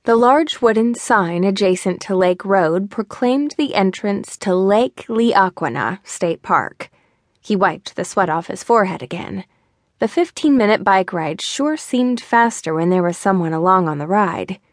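A woman narrating a mystery novel with an even storytelling delivery. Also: mid-range voice, a little slow, no room sound, studio quality. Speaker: audiobook narrator. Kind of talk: scripted narration.

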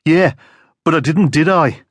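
Man doing a young petty criminal, cocky, defensive, high-pitched, husky, dry sound. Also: big pitch swings, extremely slow, no echo, full character voice. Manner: raised, agitated and pleading.

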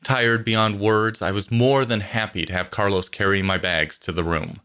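Male audiobook narrator, low voice, bright tone, lively, wry first-person reading. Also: moderate pace, few pauses.

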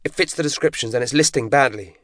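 Guy doing an impatient young policewoman, pitched way up, shouty and shrill. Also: fast, no echo, studio quality, natural voice. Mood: exasperated. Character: young female coastguard officer, fiery and impatient.

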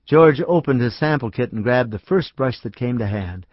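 A man narrating a short story in a calm, even storybook manner. The room sound is dry and close. The recording is a little dull at the top end. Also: mid-range voice, normal speed, no room sound. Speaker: audiobook narrator.

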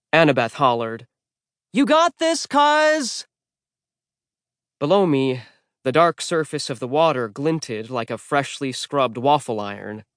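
A man reading first-person audiobook narration in a wry, deadpan, conversational way on a close studio mic. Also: mid-range voice, no room sound. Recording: dry studio recording.

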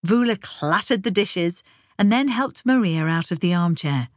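A woman narrating a novel in a measured, unhurried storytelling manner. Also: fairly low pitch, expressive, dry recording, studio quality. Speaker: audiobook narrator. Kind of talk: scripted narration.

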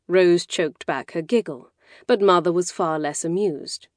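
A woman narrating a young-adult novel in the first person, in a wry, measured storytelling manner. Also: lowish voice, darkish tone, no echo. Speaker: audiobook narrator. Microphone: close studio mic.

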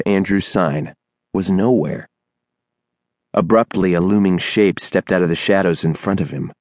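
Low-voiced male audiobook narrator. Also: darkish tone, no echo, studio quality. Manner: measured, storytelling.

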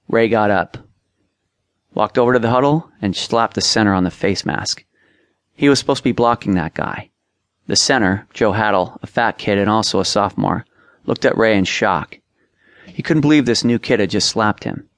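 Low-voiced man reading a novel. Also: dry recording, clean studio sound. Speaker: audiobook narrator. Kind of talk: scripted narration.

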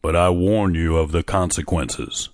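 A man doing a weary old male soldier who speaks slowly and solemnly in a deep, low voice. The warnings come out heavy and dogged, in a dry, close storybook recording. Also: steady tone, a little mellow, dry recording. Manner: slow, grave and dogged.

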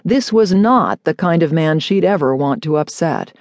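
A woman reading a romance audiobook in an expressive, wry storytelling manner, close to a studio mic. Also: low voice, moderate pace, no echo. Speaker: audiobook narrator. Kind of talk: audiobook narration of a romance novel.

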